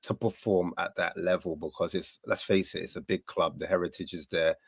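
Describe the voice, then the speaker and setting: A man talking football on a casual panel. He uses a lot of slang and acts out mock voices in lively bursts. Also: sits low, brisk, breathy edge, no echo. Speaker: panelist, Tottenham fan.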